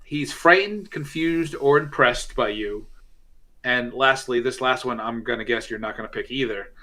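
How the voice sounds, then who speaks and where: Bright-voiced male game master. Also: medium pitch, fairly even intonation, normal speed. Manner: casual, with frequent "uh" fillers. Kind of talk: narrating a tabletop role-playing game.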